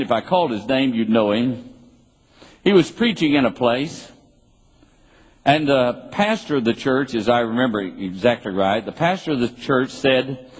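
A man's voice: medium pitch, breathy edge. A man preaching a sermon, reading scripture and repeating key words for emphasis. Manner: emphatic and repetitive, drilling key words home. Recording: live sermon in a reverberant hall.

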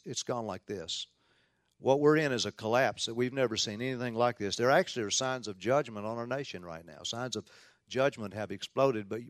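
A man's voice: medium pitch, no room sound. A middle-aged man from Tennessee with a Southern accent, praying and then preaching as a guest speaker, fervent and rising to emphatic declarations. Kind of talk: prayer and sermon.

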